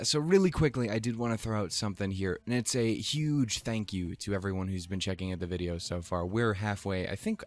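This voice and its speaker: A man from Montana hosting a casual reaction video, giggly, swearing freely and poking fun at himself. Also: sits low. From Montana, USA. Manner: giggly, profane, self-mocking.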